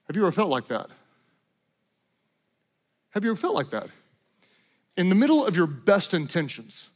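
A male preacher delivering a sermon with dramatic swings between hushed tones and shouting. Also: on the high side, very animated, moderate pace, long pauses.

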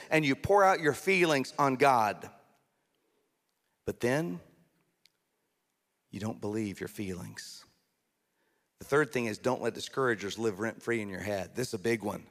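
A man preaching a sermon as a pastor, lively and conversational, often slipping into mock voices and asides. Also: mid-range voice, measured pace, long pauses. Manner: animated, acts out mocking voices, conversational asides. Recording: long hall reverb.

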